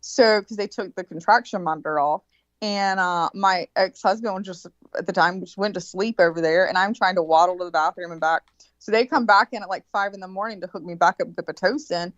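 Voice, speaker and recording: A woman's voice: lowish voice, fairly quick, no room sound, highs cut off. A woman in casual chat, telling a vivid, profane story and acting out the quotes of the people in it. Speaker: birthday guest.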